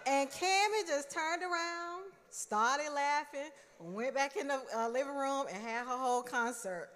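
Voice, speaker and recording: A young woman giving a eulogy for her father in a church, telling a funny family story with warmth and humour. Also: sits high, slight background noise. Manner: warm, humorous storytelling. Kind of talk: funeral tribute storytelling. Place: large church sanctuary. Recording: reverberant church hall.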